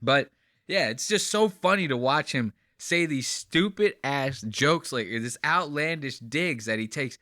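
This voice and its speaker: A man hosting a podcast, reacting to clips in casual commentary, excitable and swearing freely. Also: mid-range voice, unhurried, no room sound, studio quality. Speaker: podcast host.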